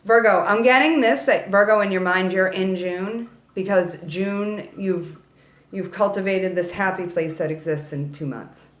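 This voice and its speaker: A woman's voice: mid-range voice, a little slow. Woman tarot reader, casual and playful, salty slang, roomy echo. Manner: playful, slangy, swears freely, talks straight to viewers.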